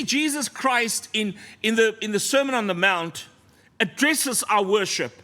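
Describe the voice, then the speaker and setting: A man preaching a sermon in a church, earnest and storytelling, often dropping to a soft, low voice.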